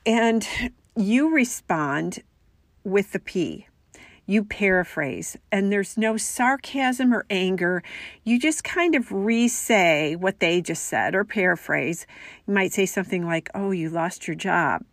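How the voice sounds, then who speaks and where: A woman hosting a radio talk show, calmly coaching listeners on how to talk with loved ones. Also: medium pitch, takes it slowly, dry recording, studio quality. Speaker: radio show host and family communication coach.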